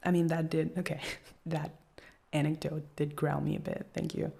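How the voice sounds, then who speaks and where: A woman in a whispered role-play as an anxious actress girlfriend, soft-spoken and rambling, laughing often. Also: low voice, steady tone, unhurried, vocal fry, slightly rough.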